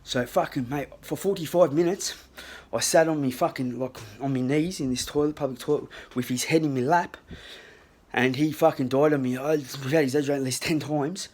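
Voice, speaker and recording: A man with an Australian accent telling a rambling, profanity-filled story into his phone in a casual, animated way. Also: medium pitch, fairly quick. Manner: swears constantly, rambling and animated. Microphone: handheld phone.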